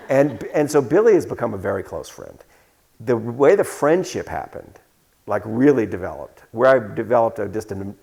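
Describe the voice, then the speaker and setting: A man's voice: medium pitch, gravelly, darkish tone. A man, an author, talking onstage in a live conversation, telling stories with many false starts and restarts. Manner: rambling storyteller with many restarts. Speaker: author answering questions.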